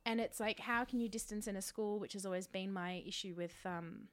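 A worn-out Australian woman talks through her week in loose, rambling podcast chat. Her voice is tired and mid-pitched, and she keeps putting herself down. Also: brisk. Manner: weary, rambling, self-deprecating. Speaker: podcast co-host. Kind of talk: casual chat.

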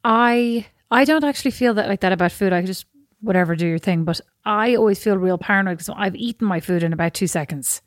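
Quick teasing woman. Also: mid-range voice, no room sound, studio quality. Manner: teasing, argumentative, playful. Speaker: podcast co-host. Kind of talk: casual podcast chat.

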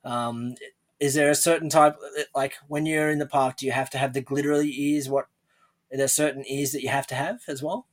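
A man's voice: mid-range voice, fairly even intonation, fairly quick. A man hosting an interview podcast, chatting casually and rambling with restarts and laughs. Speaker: podcast host.

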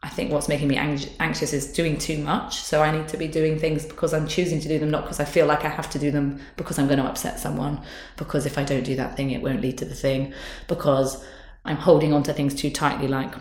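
A candid, chatty woman in her thirties, talking in a low voice. She speaks openly and laughs easily. The sound is roomy and echoing. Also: flat delivery, quick pace, hardly any pauses, darkish tone. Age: 30s. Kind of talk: casual chat. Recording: roomy echo.

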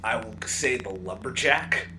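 Animated man co-hosting a podcast. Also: fairly low pitch, measured pace, background noise. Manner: animated, acts out scenes in bursts. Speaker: podcast co-host. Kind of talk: casual movie review chat.

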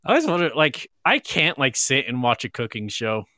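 A man's voice: medium pitch, very animated, brisk, sharp tone, no echo, studio quality. A man co-hosting a podcast, joking around and reading listener comments aloud. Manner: joking, does silly impressions, reads chat aloud. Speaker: podcast co-host. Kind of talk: casual chat.

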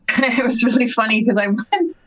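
A woman in her thirties from Cape Breton, telling stories casually in an interview, full of "like"s and quick laughs. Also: on the high side, lively intonation, a bit bright, no room sound. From Canada, Cape Breton. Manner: chatty storyteller, many "like"s, laughs often. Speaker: guest wrestler. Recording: dry, dull lo-fi podcast audio.

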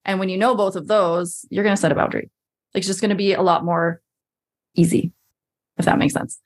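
A woman's voice: mid-range voice, steady tone, brisk. A woman in a casual podcast chat, talking as a coach, chatty and full of "like", acting out her own inner voice.

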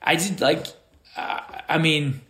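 A man who is a guest actor, talking casually and halting often as he searches for words. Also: fairly high pitch, sharp tone. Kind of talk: casual conversation. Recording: roomy echo.

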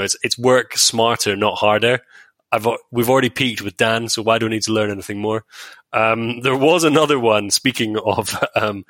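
A man's voice: on the low side, a bit bright, no echo. A man hosting a casual podcast, wry and chatty, with plenty of ums. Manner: wry, chatty, reading out plugs with many ums. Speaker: podcast host.

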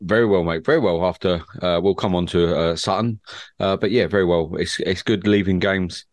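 A man's voice: sits low, steady tone, brisk, no room sound. A man co-hosting a football podcast, telling rambling stories in casual chat. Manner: rambling storyteller, laughs at own tales. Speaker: podcast co-host.

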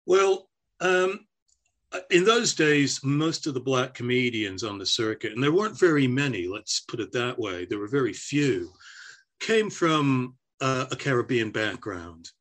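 A man's voice: medium pitch, expressive, a little slow, fairly bright tone. An older man, a former stand-up comedian, giving a reflective interview with frequent restarts. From half American, raised on air force bases. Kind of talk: oral history interview.

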